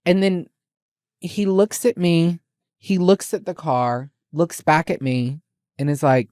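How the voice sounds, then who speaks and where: A young woman telling a story in a casual, animated vlog rant, exasperated and repeating lines for effect. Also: deep voice, takes it slowly, dry recording, studio quality. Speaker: vlogger.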